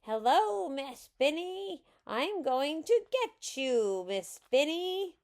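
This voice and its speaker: High shrill little girl, mischievous, yelling, read by a woman, storybook voice. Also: sing-song, takes it slowly, heavily acted. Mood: shouting. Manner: shouting, gleeful. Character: loud mischievous little girl in a witch mask.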